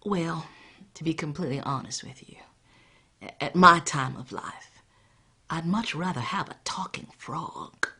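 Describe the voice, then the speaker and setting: An old man in a told folktale, voiced by a woman storyteller, amazed at a talking frog. He exclaims high and loud, then settles into dry humor. The voice is bright with a breathy edge. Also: lively intonation, unhurried, exaggerated voice. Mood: wry. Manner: astonished, then wry.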